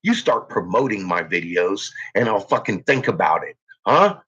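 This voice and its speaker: In a dull lo-fi recording, a channel host delivers an angry ranting monologue straight to camera, full of profanity and threats, tense and jittery. His husky voice is fairly low and sharp-toned, moving in a sing-song way at normal speed.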